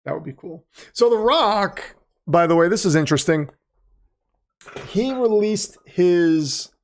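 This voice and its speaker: A middle-aged man hosting a livestream, chatting casually, reading out donations and chat messages and calling game plays. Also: a little high. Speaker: livestream host.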